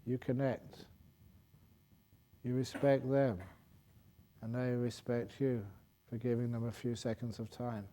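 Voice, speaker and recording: Male monk, humorous dharma talk, mellow voice, laughs a lot. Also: mid-range voice. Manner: light-hearted storytelling, laughing often, restarting phrases. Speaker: Buddhist monk and teacher.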